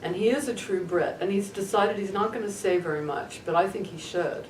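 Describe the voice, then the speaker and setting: A woman's voice: mid-range voice, a little fast, recorded from a distance. A woman co-hosts a casual studio chat, voicing strong opinions and teasing her co-host. Her voice sounds set back from the mic in an echoing room. A faint ambient noise runs underneath. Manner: chatty, opinionated, playful teasing. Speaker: podcast co-host.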